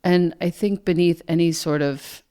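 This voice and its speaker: Woman podcast host, low voice, calm and reflective. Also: moderate pace, clear, resonant tone. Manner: calm, reflective, brief interjections. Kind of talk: casual conversation.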